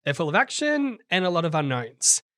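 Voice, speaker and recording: A woman's voice: fairly quick, no room sound, studio quality. A woman co-hosting a motorsport podcast, chatting playfully and reading a race summary. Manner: playful, lively pitch swings. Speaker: podcast co-host. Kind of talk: casual chat and read race summary.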